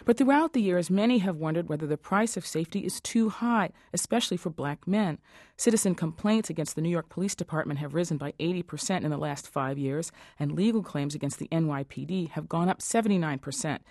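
A woman hosting a radio news program, presenting in a measured, formal way and interviewing guests. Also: fairly low pitch, a little mellow, no echo. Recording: dry studio sound.

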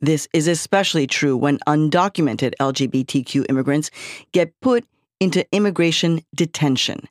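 A woman hosting a radio show, reading scripted links in a lively way with Spanish phrases mixed in. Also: deep voice, moderate pace, dry recording, studio quality.

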